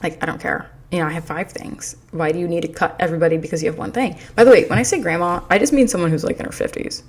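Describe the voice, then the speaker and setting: A woman's voice: lowish voice, fast. A woman vlogger telling a storytime in a rambling, chatty way, full of fillers, recorded on a desk mic in her apartment. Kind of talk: casual storytime chat. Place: apartment in a noisy city.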